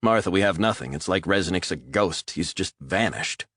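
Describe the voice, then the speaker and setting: A man's voice: low voice, animated, normal speed, fairly bright tone, husky, dry recording, heavily acted. A man voicing a weary male FBI colleague who delivers bad news in a grim, matter-of-fact way.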